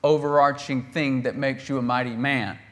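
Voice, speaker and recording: Male preacher, mid pitch, casual sermon delivery, animated retelling with loud emphatic bursts. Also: moderate pace. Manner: animated, acts out the quoted characters with bursts of volume; conversational, with laughs and restarts.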